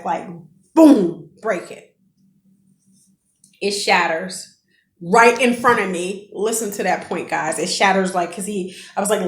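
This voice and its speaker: A woman in her thirties telling a personal story in a chatty, emotional vlog, addressing her viewers directly. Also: medium pitch. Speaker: vlogger. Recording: echoey room.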